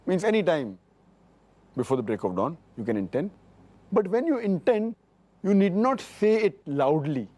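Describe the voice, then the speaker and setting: A man's voice: fairly high pitch, dark tone. A middle-aged man, an Islamic scholar, explaining religious rulings and carefully citing hadith by book and number. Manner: measured, cites hadith numbers precisely, repeats points. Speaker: Islamic scholar answering questions.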